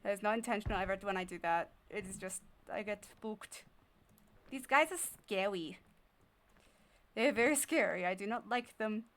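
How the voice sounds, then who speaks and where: A woman's voice: medium pitch, normal speed, a bit bright. A woman streamer chatting to herself while she plays, curious and easily spooked. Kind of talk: live gameplay commentary. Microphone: desk microphone.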